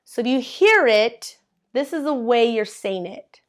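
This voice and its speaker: Female ESL teacher, slightly high voice, unhurried and smooth; patient board lesson. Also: lively intonation. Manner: slow, patient, spells out letters and claps syllables. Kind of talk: classroom grammar lesson. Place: at a board, writing in colors.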